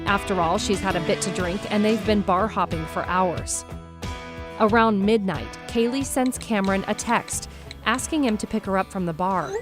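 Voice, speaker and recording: Woman narrating true crime over music. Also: medium pitch. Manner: measured, storytelling delivery. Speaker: podcast host and narrator. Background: background music.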